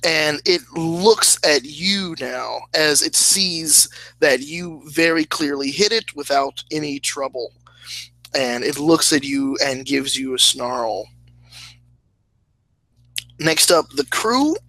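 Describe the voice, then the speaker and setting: A man running a tabletop game as its game master, talking slowly with many hesitant fillers. His voice is bright and forward. The recording is close and dry, with no room sound. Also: on the high side, dry recording, poor audio. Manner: slow, hesitant, laughs at himself.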